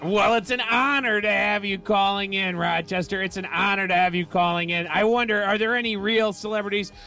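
A man's voice: high voice, steady tone, a little fast, vocal fry, sharp tone, soft background music. A man hosting a morning radio call-in show, upbeat and laughing along with callers. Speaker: radio DJ host. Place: radio studio.

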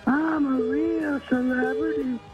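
A man's voice: very high-pitched, fairly even intonation, slow pace, dull audio, faint music behind, full character voice. A male caller putting on a boastful old-time radio comedy sidekick impression. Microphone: phone call into radio.

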